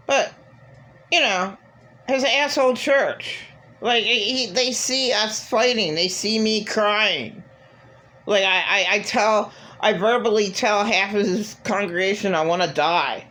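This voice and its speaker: A woman's voice: fairly low pitch, a bit bright. A woman vlogging in a rambling, profane monologue, venting with raw emotion. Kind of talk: casual monologue.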